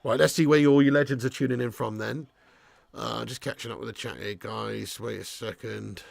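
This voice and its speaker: A man hosting a live football watch-along, sweary and ranting, bantering with viewers in the chat and shouting at chances on goal. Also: mid-range voice, steady tone, brisk, creaky. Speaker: fan channel host.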